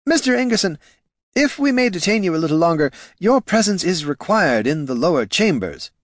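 A man voicing a polite, formal male elf aide who speaks in a hurried way, in a storybook reading. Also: high voice, big pitch swings, no room sound, studio quality, voice pushed up.

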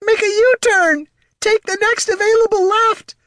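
A shrill mechanical gazer. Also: male voice, fairly even intonation, measured pace, a bit bright, no room sound, clean studio sound. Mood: frantic. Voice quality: shrill, squealing commands.

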